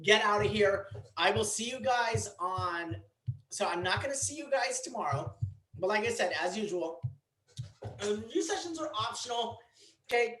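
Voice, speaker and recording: A man's voice: sits high, lively intonation, moderate pace, sharp tone. Blunt, teasing male teacher in an echoey room. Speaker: programming teacher. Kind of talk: classroom lecture. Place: classroom.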